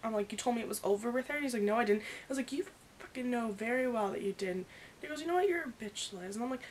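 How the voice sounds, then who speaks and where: A young woman in her twenties talks straight to the camera, telling a story in a loose, rambling vlog. Her voice sits a little high, and she fills her telling with "like" and acts out the quoted lines. A faint hiss runs under the recording. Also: fast talker. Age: young adult. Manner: rambling, animated retelling full of "like" and quoted dialogue. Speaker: vlogger.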